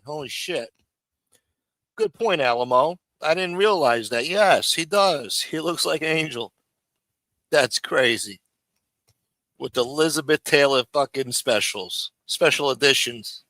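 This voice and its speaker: A man's voice: medium pitch, expressive, unhurried, a bit bright, no echo, clean studio sound. A man hosting a live stream recap, talking casually and ribbing his guests with a profane, streetwise manner. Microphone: studio mic for a radio-style show.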